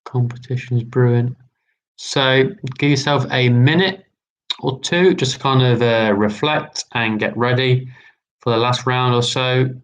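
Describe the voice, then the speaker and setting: A man's voice: mid-range voice, fairly even intonation, a little slow, muffled recording. A man hosting a live online quiz, chatty and repeating his lines. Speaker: quiz host.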